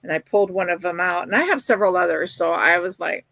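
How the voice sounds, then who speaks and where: A woman's voice: on the low side, fast, vocal fry, a bit bright, no room sound. Chatty woman hosting a live stream. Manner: chatty and storytelling, with quoted voices and fillers. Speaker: crochet livestream host. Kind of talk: casual chat reading viewer comments. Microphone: streaming setup.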